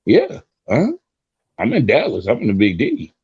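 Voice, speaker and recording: A man's voice: fairly low pitch, huge pitch swings, moderate pace, a little mellow, slightly rough, no echo. A man from Florida, talking casually and emphatically, often repeating his point. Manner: talkative, emphatic, repeats himself. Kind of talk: casual chat. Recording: dull lo-fi sound.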